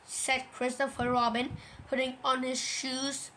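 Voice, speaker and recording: A woman reading a children's storybook aloud in a gentle, measured way. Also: sits high, expressive, a little hiss or hum, poor audio.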